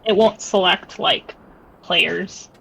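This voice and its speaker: A woman's voice: lowish voice, slow, vocal fry, bright, forceful tone, husky, rough recording. A woman chatting casually as a co-op gaming partner, playful and giggly. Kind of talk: casual chat while gaming. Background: faint game music.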